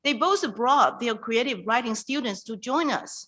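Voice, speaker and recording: Woman host on a video call, kinda emotional, bright voice, stops and restarts a lot. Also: on the high side, expressive, poor audio. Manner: emotional, halting, with restarts and pauses. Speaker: event host introducing a poet. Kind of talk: heartfelt introduction at a virtual reading night.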